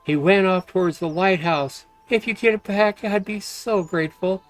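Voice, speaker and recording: A man voicing a timid young woman villager in a video game, in a high, pleading voice. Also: moderate pace, faint music behind, natural voice.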